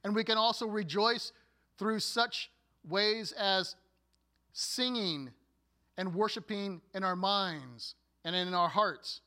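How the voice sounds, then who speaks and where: A man preaching a sermon as a pastor, earnest and deliberate, with playful asides. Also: high-pitched, sharp tone.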